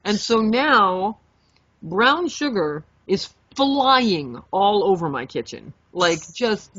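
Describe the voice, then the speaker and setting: A woman's voice: medium pitch, takes it slowly, dry recording. Young woman rambling through a story, swears a lot, voice jumps all over, dry dull mic. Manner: animated, swears freely, acts out her own reactions. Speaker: podcast co-host. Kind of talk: casual storytelling chat.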